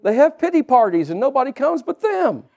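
A man preaches a lively sermon in a church, pitched high for a man. He keeps calling out to his congregation as he drives his points home. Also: a little fast, creaky. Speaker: pastor.

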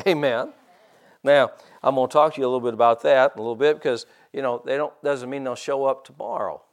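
A man's voice: mid-range voice, steady tone, fast. A middle-aged man preaching a sermon, stretching out scripture quotes for emphasis and tossing casual asides to the congregation. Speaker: pastor.

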